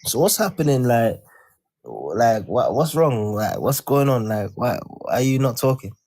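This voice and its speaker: A man's voice: mid-range voice, sing-song, measured pace, vocal fry, darkish tone, dry recording, studio quality. A man in a casual group voice chat, teasing the others in slangy talk and mock patois. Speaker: chat participant.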